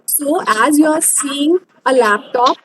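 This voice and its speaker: A woman giving an online lecture over a video call, explaining slowly and hesitantly. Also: sits high, fairly bright tone, slight background noise, low-quality recording.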